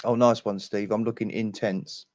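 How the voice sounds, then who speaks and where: A man from southern England appears as a guest on an online chat show over a video call, casually chatting and telling jokes. He's jokey and wry, reading out viewer comments in a lowish, darkish voice with little pitch movement, at a normal speed and with no echo.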